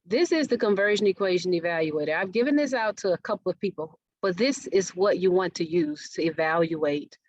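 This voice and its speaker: A woman's voice: lowish voice, expressive, a little fast, hardly any pauses, no echo. Woman teaching a marketing workshop. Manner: engaging, asks audience questions often. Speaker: marketing speaker. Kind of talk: business workshop presentation. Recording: dull, dry webinar audio.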